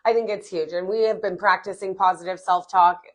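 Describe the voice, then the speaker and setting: A woman's voice: on the low side, fairly even intonation, a little fast. A woman co-hosting a casual motivational chat, upbeat and chatty with many fillers. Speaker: co-host.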